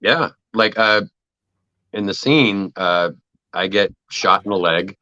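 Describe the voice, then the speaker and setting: A man telling animated set stories on a podcast, swearing freely and acting out what others said. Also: on the low side, takes it slowly, no room sound, lo-fi sound. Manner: animated anecdotes, acts out quoted voices, swears freely. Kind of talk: casual podcast storytelling.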